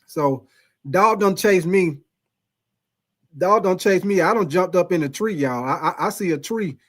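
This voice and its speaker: A man's voice: high-pitched, measured pace. A man telling a funny personal story to his live stream chat, repeating himself and laughing often.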